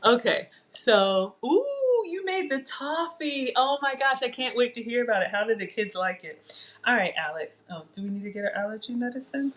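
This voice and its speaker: A woman's voice: fairly high pitch, animated, moderate pace, a bit bright. Woman, middle-aged, cooking show host, chatty, rambling, home kitchen, camera mic, faint hiss. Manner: chatty and digressive, addressing viewers directly. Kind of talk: casual live cooking demo.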